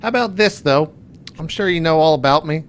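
A man's voice: a little high, animated, a little fast, a little hiss or hum, voice pushed up, lightly acted. A man voicing a brash, crude male smuggler captain in a tabletop game, talking in a cocky, crude way.

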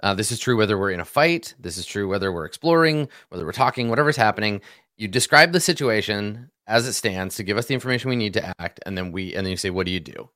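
A man's voice: fairly low pitch, lively intonation, fast talker, pushed and bright, no echo, studio quality. A man in casual conversation, patiently explaining how a tabletop game works and walking through examples step by step. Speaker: experienced player explaining game rules.

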